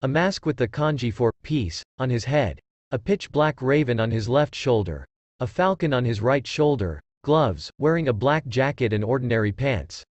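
Male storyteller, lively pitch, dry close recording. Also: normal speed, no echo. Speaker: narrator. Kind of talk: fan fiction reading.

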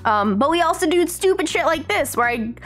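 A woman's voice: high-pitched, lively intonation, brisk, fairly bright tone, faint music behind. A woman hosting a casual live stream, chatting in a bubbly, gushing way with lots of slang. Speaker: streamer host.

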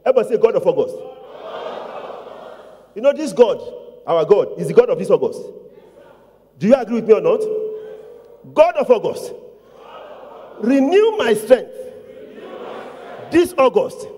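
A male pastor preaching a sermon in call-and-response style, with repeated questions to the congregation and loud emphatic declarations. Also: sits high, sing-song, a little slow, pauses often, slightly rough. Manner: call-and-response preaching, repetitive, rising to shouts. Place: church. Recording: long church hall reverb.

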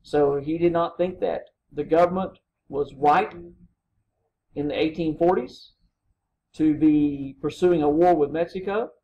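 A man's voice: fairly high pitch, a little slow, dark tone, muffled recording. A man lecturing a college humanities class, telling stories casually and acting out quotes, with frequent "right?" to the students.

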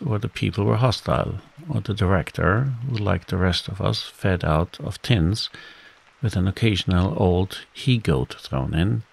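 Deep slow gravelly male narrator. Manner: calm, unhurried, measured. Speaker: audiobook narrator. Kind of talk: soft-spoken bedtime story reading.

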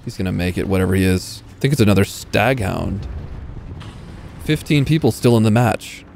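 A man's voice: lowish voice, expressive, moderate pace, vocal fry, darkish tone. A young man giving casual, self-mocking live commentary while playing a tank game, swearing and talking to himself. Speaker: gaming YouTuber. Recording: faint game noise behind. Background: game gunfire and vehicle sounds.

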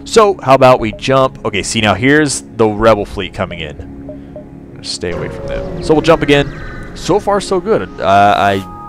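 A man giving casual let's play commentary, chatting to his crew and breaking into excited outbursts. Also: lowish voice, a little slow. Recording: game music behind voice.

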